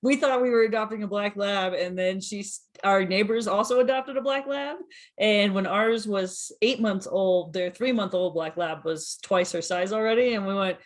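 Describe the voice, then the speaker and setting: Friendly woman in her forties, mid-pitched, a quick-laughing podcast guest. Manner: friendly, quick to laugh, says yep a lot. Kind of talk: casual chat.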